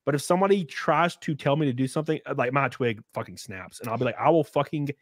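A man's voice: mid-range voice, animated, fast, dry recording, clean studio sound. A man hosting a podcast, telling stories in a rambling, profane way full of fillers and restarts. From US South. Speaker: podcast host. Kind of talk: casual chat.

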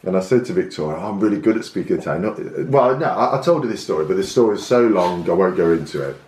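A man's voice: deep voice, animated, quick pace, darkish tone. Laughing English man telling stories. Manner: laughing, jokey storyteller. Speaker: guest. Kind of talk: casual storytelling chat. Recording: echoey room with faint noise.

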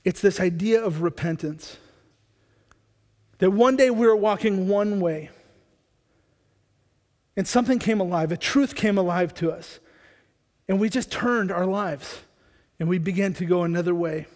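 Male pastor, lively casual preaching, higher voice, church hall echo. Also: unhurried, long pauses. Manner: energetic, conversational, frequent restarts. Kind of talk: sermon. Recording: long church hall reverb.

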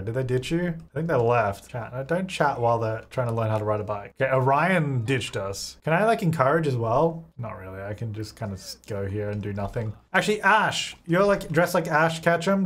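A young man hosting a life-sim let's play, chatty and laughing often as he plays. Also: mid-range voice. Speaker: gaming channel host.

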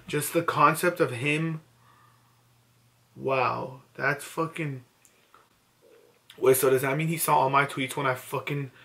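His medium-pitched voice is a bit bright as this young man, just awake, vlogs at home late at night in an excited selfie video. He sounds overwhelmed and emotional, teary and breathless with disbelief.

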